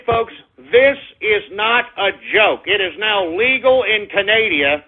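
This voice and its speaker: A man with a high, husky voice rants on talk radio, crude and mocking, swinging from low grumbles up to shouting. The sound is thin and phone-like, as if it is coming down a narrow line. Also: animated, a little slow. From United States. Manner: loud, crude, mocking rant with sudden shouting swells. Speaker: radio show host. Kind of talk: ranting talk radio monologue. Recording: phone-like narrow-band audio.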